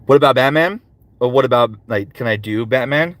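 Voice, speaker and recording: A man's voice: mid-range voice, fairly quick, a bit bright, dry recording. A male voice actor chatting casually with fans and answering their questions, slipping into character voices between answers. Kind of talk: casual livestream Q&A with impressions.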